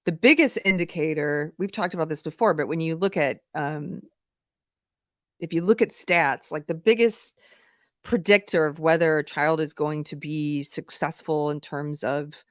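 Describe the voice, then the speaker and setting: A woman's voice: deep voice, moderate pace, no room sound, clean studio sound. A woman hosting a livestream, giving outspoken, chatty commentary and reading viewer comments aloud. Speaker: livestream host. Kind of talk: casual commentary.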